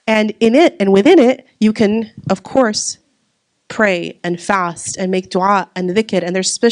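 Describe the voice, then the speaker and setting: A woman's voice: medium pitch, dry recording. Dry-sounding woman teaching a religious class. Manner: asks the audience questions and waits for answers; repeats key words for emphasis. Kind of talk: religious talk to a live audience.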